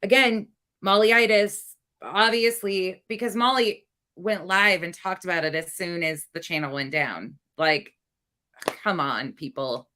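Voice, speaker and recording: A woman's voice: lowish voice, a little slow, sharp tone. A woman hosting reaction commentary, sarcastic and exasperated about what she plays. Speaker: commentary host.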